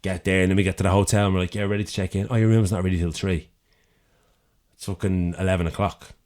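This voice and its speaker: A young co-host from Dublin, Ireland, with a very deep voice and an Irish accent audible in every line, talks fast as he tells a rowdy story on a podcast in loose, casual chat. He's animated and swears freely, acting out the voices of the people in the tale, in a city studio with the door left open.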